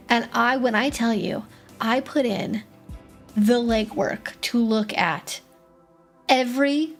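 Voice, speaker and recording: High-voiced, blunt woman streamer. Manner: blunt, profane, animated storytelling. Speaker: streamer hosting a Q&A. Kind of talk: casual livestream Q&A.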